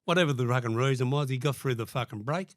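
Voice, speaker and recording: An older Australian man appears as a guest in a casual interview, telling blunt stories thick with profanity and acting out what people said. His voice is medium-pitched and quick, captured in clean studio sound with no echo.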